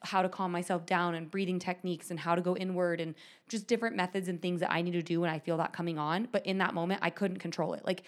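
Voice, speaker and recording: A woman in her thirties co-hosting a podcast, telling a story animatedly with lots of "like" fillers. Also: on the low side. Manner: animated, quick, many "like" fillers. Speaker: podcast co-host. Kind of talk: casual storytelling chat.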